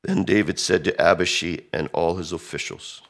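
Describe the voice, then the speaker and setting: A man preaching a sermon, animated, swinging from loud emphasis to hushed tones as he acts out quotes. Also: low-pitched, moderate pace. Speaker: pastor.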